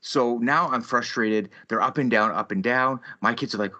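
A man's voice: mid-range voice, moderate pace, pushed and bright. A man in his thirties hosting a podcast, telling a story in casual chat with heavy swearing and exaggerated ranting. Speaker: podcast host. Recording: slightly muffled lo-fi audio.

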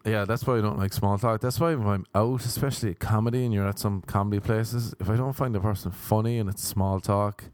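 An Irish comedian and podcast host, ranting in a rambling, sardonic casual chat. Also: male voice, fairly low pitch, fairly even intonation, a little fast, few pauses, darkish tone, no room sound. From Ireland.

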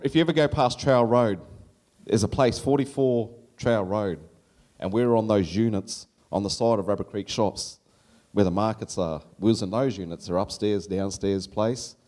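A man with a fairly low voice tells a true story from his own life to a live audience. He is from Australia, speaks casually, and keeps laughing along the way. When he quotes the child he once was, his voice shoots up high. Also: moderate pace, darkish tone. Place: live event stage.

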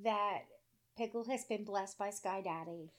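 A woman's voice: medium pitch, unhurried. A woman co-hosting a casual podcast, teasing her sister with crude jokes. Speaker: podcast co-host. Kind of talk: casual chat.

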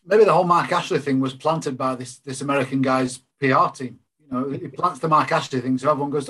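A man's voice: mid-range voice, fairly even intonation, fast, few pauses, a bit bright, breathy edge. A man on a video call, joking and spinning theories in a casual chat. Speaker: podcast co-host.

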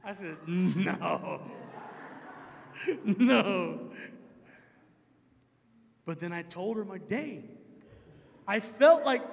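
A male preacher telling a story in his sermon, acting out both sides of the conversation with animated energy. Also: extremely high pitch, big-room sound.

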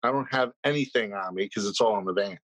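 Husky-voiced man telling a rambling story. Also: fairly low pitch, fast, a bit bright, no echo, rough recording. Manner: rambling anecdotal storytelling, swears freely. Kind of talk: casual chat.

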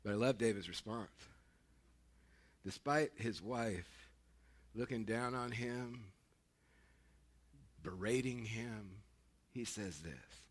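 A man preaching a sermon as pastor in a small church, folksy and animated, with laughing asides. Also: fairly low pitch, slow pace, long pauses.

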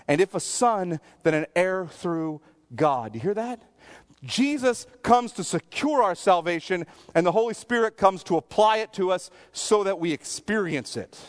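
A man preaching a sermon as a pastor, earnest, sometimes dropping to a soft near-whisper and sometimes pleading. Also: fairly high pitch.

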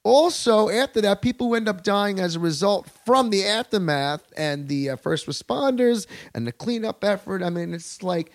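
A man's voice: sits high, animated, normal speed, hardly any pauses, no echo. A man from Long Island, a podcast guest ranting in a heated, profane, rambling way with many restarts. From Long Island, New York. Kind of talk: comedic podcast rant.

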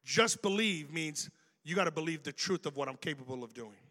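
A man preaching a sermon to a room, animated and joking as he makes his points. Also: on the high side, brisk. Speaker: pastor. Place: church auditorium. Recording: reverberant hall. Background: long hall reverb.

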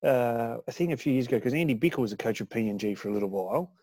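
A man's voice: mid-range voice, animated, rapid-fire, a little mellow, no echo. Australian man, podcast host, casual chat, dry close recording, rambling. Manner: rambling, swears casually, frequent restarts.

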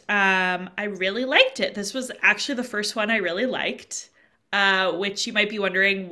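A woman's voice: medium pitch, bright, forceful tone. A woman co-hosting a podcast in casual chat, talking freely and quoting her own thoughts aloud. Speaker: podcast co-host.

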